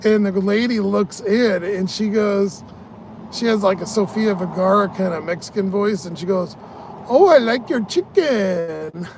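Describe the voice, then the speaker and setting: Tired dude rambling on his vlog, cussing, kinda high gravelly voice. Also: steady tone, moderate pace, a little hiss or hum. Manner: profane, rambling, laughs at his own jokes. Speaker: vlogger. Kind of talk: casual rambling vlog talk.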